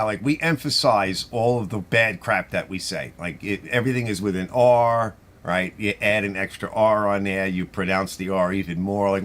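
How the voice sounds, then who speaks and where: A man's voice: lowish voice, a bit bright. A middle-aged man with a New York accent hosts a live stream, chatting casually and answering viewer comments in a rambling, conversational way. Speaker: host of a garage channel live stream.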